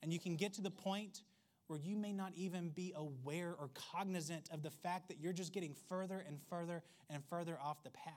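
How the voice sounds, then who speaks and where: A man's voice: high-pitched, a little fast. A man preaching a sermon in a conversational, wry way, with playful asides. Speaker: pastor.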